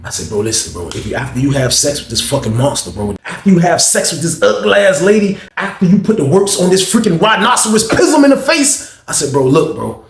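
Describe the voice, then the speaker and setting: Brief: man in an echoey room, quick streetwise storyteller who does everyone's voices. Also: on the high side, big pitch swings. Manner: acts out other people's voices while retelling; streetwise slang, frequent swearing. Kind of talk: casual storytelling.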